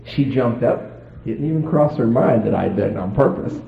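A man telling a story to an audience in a folksy, animated way, acting out voices. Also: medium pitch, normal speed, creaky, a little hiss or hum. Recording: echoey tinny phone-like sound.

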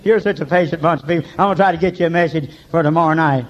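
An older man preaching a revival sermon in church, telling folksy stories and breaking into high shouts. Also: rapid-fire. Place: church meeting. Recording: dull lo-fi recording.

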